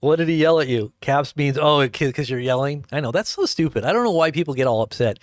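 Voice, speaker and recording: A man's voice: fairly high pitch, animated, fast talker, few pauses, no room sound. Man, livestream host, rambling storyteller, talks to chat, chuckles, dry close sound. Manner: rambling, chuckling, addresses viewers directly. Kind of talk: casual storytelling to a live chat.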